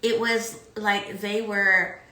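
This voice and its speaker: A woman in casual conversation, recounting a spiritual experience haltingly with many repeated words. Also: mid-range voice, flat delivery, sharp tone, roomy sound, rough recording. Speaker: podcast co-host.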